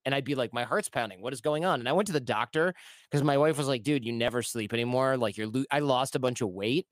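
A man in his thirties telling a personal story in a casual, animated way, often acting out what others said, recorded close on a studio mic. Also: medium pitch, no echo. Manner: animated, acts out quoted voices. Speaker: podcast guest.

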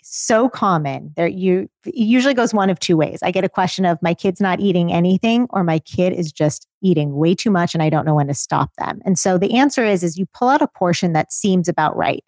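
A woman's voice: fairly low pitch, lively intonation, fairly quick, hardly any pauses, a little mellow, no echo. A woman co-hosting a parenting podcast, giving direct, practical, reassuring feeding advice on a close mic. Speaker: podcast co-host, feeding expert.

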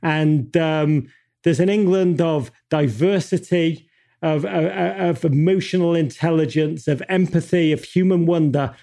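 A man's voice: fairly high pitch, a little slow, vocal fry, mellow. A man speaking as an interview guest, emphatic and impassioned, building rhetorical lists and swearing casually. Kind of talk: passionate interview talk.

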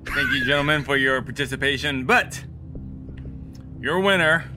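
A man delivers a judge's verdict slowly and deliberately, drawing out the suspense. Clear music swells behind his voice. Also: a little high. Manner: slow, measured, dramatic. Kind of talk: announcing a verdict.

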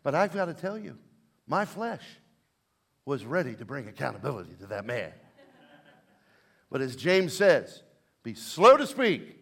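A man preaching a sermon as pastor, swinging between loud emphasis and quiet asides, and leading his congregation in call and response. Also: mid-range voice, sing-song, moderate pace, gravelly, long pauses.

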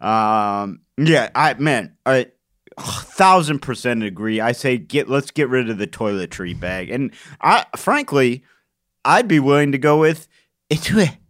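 A man's voice: mid-range voice, big pitch swings, measured pace, fairly bright tone, dry recording, clean studio sound. A man co-hosting a podcast, chatting casually and playfully about crossword clues, rambling with fillers. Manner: rambling, playful, breaks into goofy put-on voices. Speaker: podcast co-host.

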